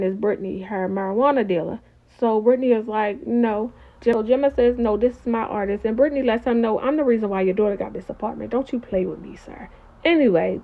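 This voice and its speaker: A woman giving a casual, opinionated recap of a TV episode and talking straight to her viewers. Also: a little high. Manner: chatty, opinionated, talks to viewers as y'all. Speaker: TV recap reviewer. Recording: tinny phone-like audio.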